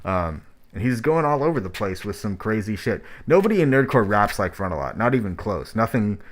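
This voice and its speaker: A man's voice: on the low side, sing-song, fairly quick. A man hosting track reviews in casual spoken critique, talking in a blunt, rambling, profane way, his voice muffled by a mask. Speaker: host reviewing rap tracks.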